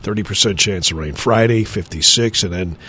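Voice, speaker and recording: A man's voice: lowish voice, brisk, bright, forceful tone, a little hiss or hum. Rambling, jokey male radio host. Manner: rambling, jokey, self-interrupting. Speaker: radio morning show host. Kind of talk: casual radio banter and weather.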